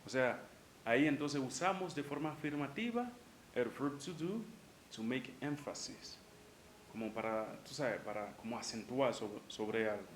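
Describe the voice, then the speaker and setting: A man's voice: medium pitch, lively intonation, normal speed. A man whose first language is Spanish, teaching English in a casual way and repeating each example sentence. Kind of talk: bilingual English lesson. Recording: echoey room, faint background noise.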